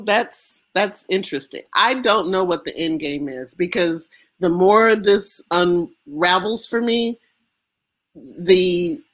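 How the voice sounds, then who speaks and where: Casting: American woman, lower register, emphatic and impassioned interview guest, frequent restarts. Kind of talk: emotional interview conversation.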